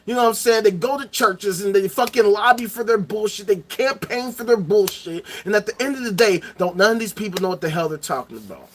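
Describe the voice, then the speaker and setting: A man's voice: sits high, a little fast, few pauses, a little hiss or hum. A man ranting angrily into the camera, profane and heated, hammering points home by repeating them. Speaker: vlogger. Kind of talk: angry ranting monologue.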